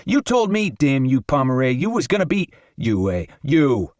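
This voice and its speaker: A man puts on an excitable young poet who yells his indignant complaints in a raised, strained voice. The voice climbs well above the reader's own and lands each accusation hard. The sound is close and dry. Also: medium pitch, normal speed, dry recording, pitched above the performer's own voice, natural voice. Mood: indignant, excited. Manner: yelling, indignant outbursts.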